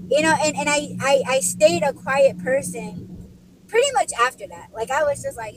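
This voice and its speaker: A woman's voice: sits high, normal speed. A young woman, a podcast host, telling casual stories while driving deliveries, chatty and laughing often with lots of fillers. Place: in a car. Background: faint vehicle noise.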